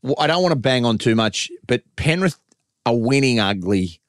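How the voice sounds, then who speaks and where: A man's voice: mid-range voice, expressive, no room sound. Dry-witted Queensland man. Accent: Australian, Queensland. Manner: dry, cuts in with quick retorts. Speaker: fill-in host. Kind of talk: casual sports chat.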